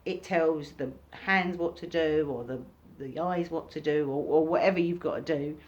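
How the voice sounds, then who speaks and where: A woman giving an informal recorded workshop lesson, talking casually and acting out reactions in sudden high bursts. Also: moderate pace, a little mellow, highs cut off. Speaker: workshop teacher.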